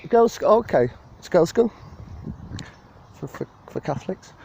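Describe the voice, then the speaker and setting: A man's voice: sits high, unhurried, low-quality recording. A young man with a Liverpool-area accent, rambling and joking as he films a casual walking tour of a city park on his phone. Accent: Liverpool area (Widnes). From England. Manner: chatty, rambling, jokey and lively. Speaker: vlogger giving a walking tour. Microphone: handheld phone camera. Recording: phone video outdoors with clear wind and park noise.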